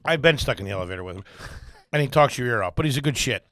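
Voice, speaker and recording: A man's voice: mid-range voice, very fast, a little hiss or hum. A man co-hosting a comedy podcast, telling stories in casual banter full of swearing and stammered restarts. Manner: animated storyteller, swears often, stammering restarts. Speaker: podcast co-host.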